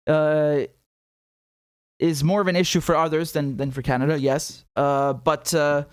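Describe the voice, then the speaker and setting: Male live-stream host, higher voice, profane and blunt, reading chat on a dry close mic. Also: a little slow, clean tone, no echo. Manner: blunt, profane, animated, with many repeated words. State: has a headache. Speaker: political commentator hosting a live stream.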